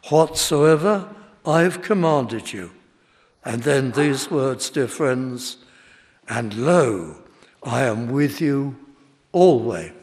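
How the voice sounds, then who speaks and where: A man preaching a sermon, emphatic and building in intensity as he speaks. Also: on the high side. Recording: long reverb of a large hall.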